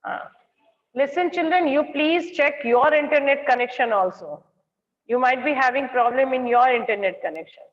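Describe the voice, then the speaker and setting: A woman's voice: high voice, normal speed. Female teacher, Indian English accent, online lesson, explains as she goes; lo-fi call audio, reverberant. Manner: explains words and checks if students hear her. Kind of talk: online class lecture. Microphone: online class call.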